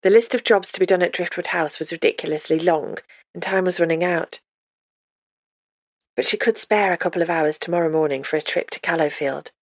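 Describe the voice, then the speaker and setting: A woman narrates an audiobook in a calm, measured way, her voice sitting on the low side. The sound is dry and close to the mic. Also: no echo. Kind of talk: scripted narration.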